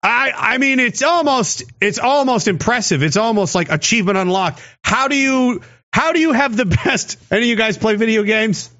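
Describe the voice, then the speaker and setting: Male streamer, high voice, sarcastic rambling commentary, dull low-fi sound. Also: lively intonation, normal speed, few pauses, bright, forceful tone. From Canada. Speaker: streamer reading chat. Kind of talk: casual livestream commentary.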